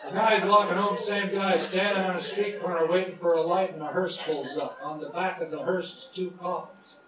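High-voiced middle-aged comedian. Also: male voice, fairly even intonation, normal speed, a loud crowd. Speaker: stand-up comedian. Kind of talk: stand-up comedy set. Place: cruise ship show lounge. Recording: echoey room from far off.

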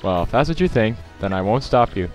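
A man's voice: fairly low pitch, animated, a little fast, darkish tone, close to an everyday voice. Guy doing a polite boat crewman, kinda hesitant, game music faint underneath. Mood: courteous. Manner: polite, addresses "sir", hesitant. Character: courteous male ship crewman, deferential.

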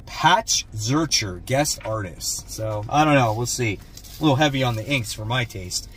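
A man's voice: medium pitch, lively intonation, moderate pace, fairly bright tone, a little hiss or hum. A man hosting a casual comic haul video, laid-back and blunt, often tacking "man" onto his sentences. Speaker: comic book channel host.

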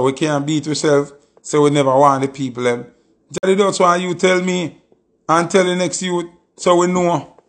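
A man's voice: fairly high pitch, fairly even intonation, normal speed. Emphatic Jamaican man on a live stream. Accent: Jamaican Patois. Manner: emphatic storytelling, repeated oaths. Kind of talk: casual live-stream monologue.

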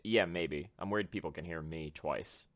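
A man's voice: deep voice, moderate pace, no room sound. A man co-hosting a comedy podcast, chatting casually, teasing and laughing a lot. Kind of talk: casual chat.

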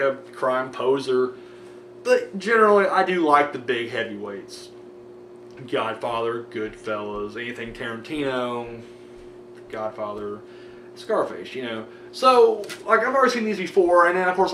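A young man talking about his movie collection in a loose, excitable ramble, swearing a lot and piling up fillers. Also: medium pitch, far from the mic, a little hiss or hum. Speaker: DVD collection vlogger. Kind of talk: casual profane movie chat. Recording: roomy audio from a camera mic set back.

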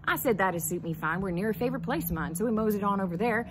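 A woman performs a spoken poem in a wry, chatty talking-blues style. Her pitch sits in an ordinary middle range, and a faint hiss runs underneath. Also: animated, quick pace. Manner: wry, conversational storytelling delivery. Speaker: poet. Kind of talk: poetry recitation, talking-blues storytelling.

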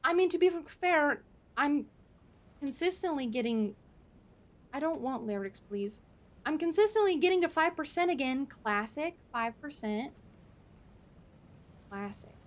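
A woman streaming a game live, chatting with a friend and talking to herself, swinging between quiet mutters and loud outbursts. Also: sits high, expressive, a little slow, pauses often. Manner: talks to herself and chats with a friend while playing.

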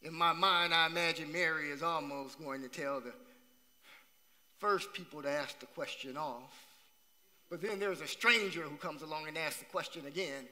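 In a church sanctuary with long hall reverb, a man delivers a sermon as pastor at normal speed. His voice is on the high side, bright and forceful, and he drives points home by repeating phrases and questioning the congregation.

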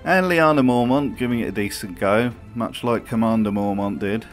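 A man's voice: fairly low pitch, normal speed, faint music behind. A man giving a wry, sardonic voice-over commentary as a video host, swearing freely.

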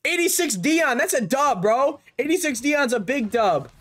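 A young man narrating a video game pack opening, excited and chatty, calling out each card and shouting over big pulls. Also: extremely high pitch, normal speed, dry recording. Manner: hyped, shouts over big pulls, says "bro" a lot. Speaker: gaming YouTuber.

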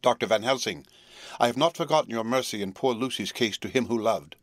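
A man's voice: medium pitch, brisk, no room sound, lightly acted. A man voicing a devoted young wife who faces death, earnest, tender and pleading, in a storybook reading. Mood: solemn, pleading.

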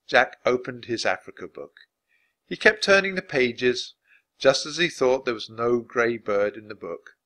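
A man narrating a children's storybook aloud in an expressive, animated way. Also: medium pitch, unhurried. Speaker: dad reading aloud.

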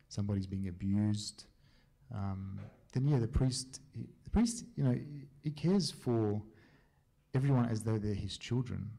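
A priest with a lowish, mellow voice and some vocal fry answers a church group's questions casually. He chats, tells stories, and keeps checking in with his listeners with a quick "yeah?".

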